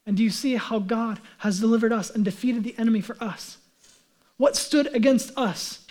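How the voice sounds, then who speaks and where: A man's voice: very high-pitched, moderate pace, a little mellow. A man, a pastor, preaching a sermon in an earnest, emphatic way and asking the congregation rhetorical questions.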